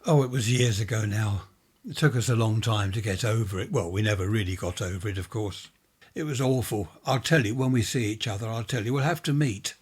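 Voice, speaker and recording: A man reading a ghost story aloud, voicing a gentle, talkative middle-aged woman who rambles and sighs. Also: fairly low pitch, fairly quick, slightly rough. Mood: chatty, sorrowful. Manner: warm, rambling, sighing.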